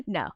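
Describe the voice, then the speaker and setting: A woman's voice: no echo, clean studio sound. A woman streaming live from her desk, rambling casually, swearing often and laughing nervously while flustered and anxious. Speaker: streamer and composer. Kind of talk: casual livestream chat.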